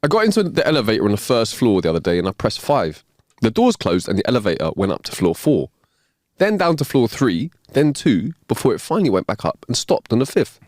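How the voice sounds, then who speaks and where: A man's voice: medium pitch, huge pitch swings, fairly quick, a little mellow, no room sound, clean studio sound. A man co-hosting a casual chat, telling jokes and breaking into laughter. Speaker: podcast co-host.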